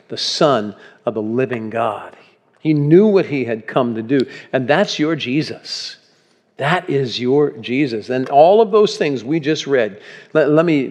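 A man preaching a sermon as pastor in a church, earnest and emphatic, slowing down to read scripture. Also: mid-range voice. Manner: earnest, builds to emphatic peaks, slows on scripture. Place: church sanctuary. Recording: reverberant hall with soft guitar.

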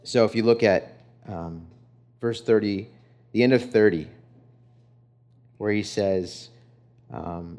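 A young man preaching a sermon, animated in his storytelling and full of rhetorical questions. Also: lowish voice, takes it slowly, pauses often. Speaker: pastor.

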